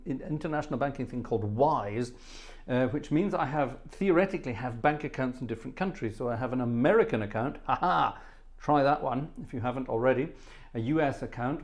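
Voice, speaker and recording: A middle-aged man hosting a live music stream, jovially rambling and joking as he reads out viewers' names from the chat. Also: medium pitch. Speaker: live stream host and organist. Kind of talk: chatty live stream banter. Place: home studio.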